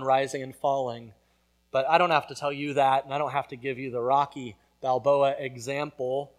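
A man preaching a sermon in a conversational way, building to loud emphatic peaks. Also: medium pitch, flat delivery, moderate pace. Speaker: pastor.

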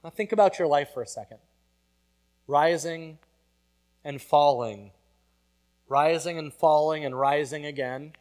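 A man preaching a sermon in a conversational way, building to loud emphatic peaks. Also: fairly high pitch. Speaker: pastor.

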